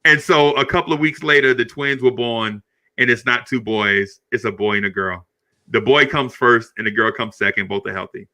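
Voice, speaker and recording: A middle-aged man hosting a podcast. He tells a story in a casual, animated way, laughs often and keeps repeating words. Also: medium pitch, normal speed. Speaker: podcast host.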